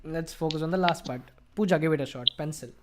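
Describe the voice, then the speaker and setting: A man's voice: a little high, very noisy. Tutor man coaching stress on a call. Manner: coaching, demonstrates stress and pauses. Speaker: English exam tutor. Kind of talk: online class instruction. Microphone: video call.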